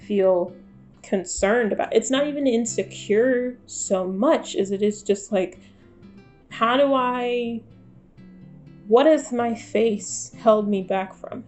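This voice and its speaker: A woman in her twenties speaks candidly to camera in a vlog, wry and self-deprecating. Her voice is fairly high with a darkish tone. Faint guitar music plays behind her.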